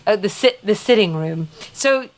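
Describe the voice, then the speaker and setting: A woman's voice: mid-range voice, lively intonation. A woman with a light Southern American lilt chats and rambles on a podcast. Her talk is loose and full of restarts, and she teases her co-host in a playful way. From Southern United States. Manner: chatty and rambling, quick laughs, playful teasing. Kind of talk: casual chat.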